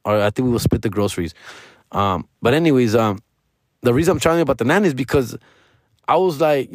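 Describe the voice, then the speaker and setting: A man's voice: mid-range voice, quick pace, long pauses, no room sound, studio quality. A man in his forties telling a casual story, full of slang and tossing in Spanish now and then. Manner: slangy, peppers talk with "dog" and "bro"; switches into Spanish mid-story.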